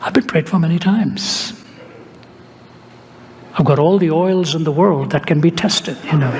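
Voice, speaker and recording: A man's voice: fairly high pitch, moderate pace, pauses often, slight background noise. Older man preaching in an echoey hall. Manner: anecdotal, conversational, lightly humorous. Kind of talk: storytelling sermon. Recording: echoey hall, faint ambience.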